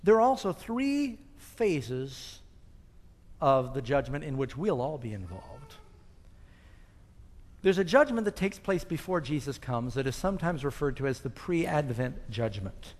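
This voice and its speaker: High-voiced preacher man in a reverberant hall. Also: big pitch swings, a little slow, a little mellow. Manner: emphatic, rising and falling with scripture quotes, asks the audience questions. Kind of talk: sermon.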